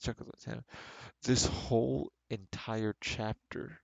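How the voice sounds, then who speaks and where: A man's voice: medium pitch, steady tone, takes it slowly, creaky, no room sound, highs cut off. A man reading a book aloud on stream and breaking off with sarcastic, exasperated commentary.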